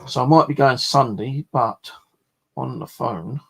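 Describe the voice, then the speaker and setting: A man's voice: mid-range voice, measured pace, gravelly, breathy edge. A man chatting casually in a vlog, a rambling storyteller full of fillers and the odd swear word. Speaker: vlogger.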